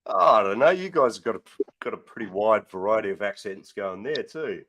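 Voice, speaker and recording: A man's voice: fairly low pitch, expressive, a little fast, a bit bright, lo-fi sound. An Australian man hosting a casual mail-opening livestream, easygoing and full of local slang. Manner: easygoing, uses Aussie slang like mate and reckon. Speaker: host of an RC mail-opening show.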